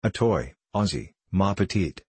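A man's voice: low voice, lively intonation, unhurried, darkish tone, husky, no room sound, heavily acted. A man voicing a boastful, swaggering English archer soldier who talks freely and heartily. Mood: hearty boasting. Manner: hearty, boastful, free-spoken.

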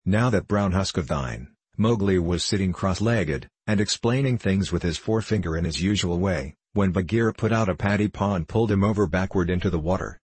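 A man's voice: deep voice, a little fast, hardly any pauses, a little mellow, breathy edge, dry recording. A man reading a classic animal story aloud as scripted narration, voicing the characters with little change of voice. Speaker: audiobook narrator.

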